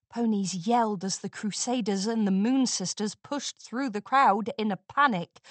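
A woman narrating a children's storybook in an expressive, unhurried reading. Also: mid-range voice, no room sound.

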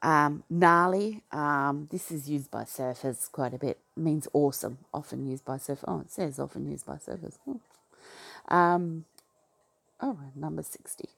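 A woman from Western Australia with an Australian accent, casually reading through a slang list and adding low-key asides and comments. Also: a little slow, vocal fry. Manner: low-key, drops into soft asides, laughs at her own remarks. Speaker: vlogger.

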